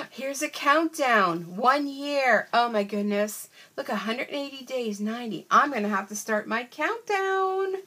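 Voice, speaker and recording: A woman's voice: on the high side, animated, slow, hardly any pauses, pushed and bright. An older woman and grandmother chatting casually as she unboxes craft stickers, gushing and exclaiming with gasps and little oohs. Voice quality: wears bifocals. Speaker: crafting vlogger.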